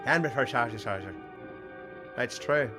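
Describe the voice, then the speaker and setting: Man, casual chat, lively swooping pitch, loud film music behind. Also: takes it slowly. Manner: animated, repeats words playfully, storytelling. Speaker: stream co-host.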